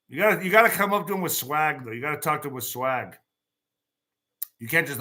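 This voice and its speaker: A man's voice: fairly high pitch, expressive, fast, bright, forceful tone. A man hosting a casual news commentary show, reading stories aloud and riffing in a loose, joking way. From El Paso, Texas. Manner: loose and jokey, mixing in put-on voices.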